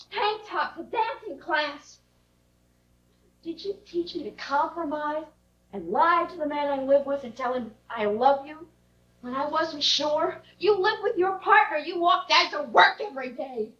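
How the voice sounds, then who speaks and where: A woman's voice: high-pitched, fairly bright tone. A woman playing an outspoken adult daughter who talks earnestly and emphatically. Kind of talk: stage play acting. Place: theater stage. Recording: dull lo-fi stage recording.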